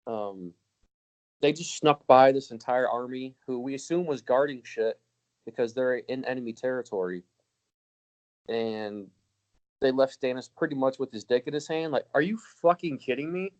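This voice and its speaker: A man's voice: medium pitch, normal speed, darkish tone, highs cut off. Man ranting, profane podcast co-host. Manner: ranting, profane, laughs often. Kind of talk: casual podcast chat.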